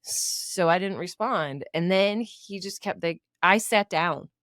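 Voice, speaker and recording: A woman's voice: lowish voice, takes it slowly, fairly bright tone, dry recording, studio quality. A woman co-hosting a podcast, telling a dating story in casual chat, laughing often and acting out her own thoughts. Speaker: podcast co-host.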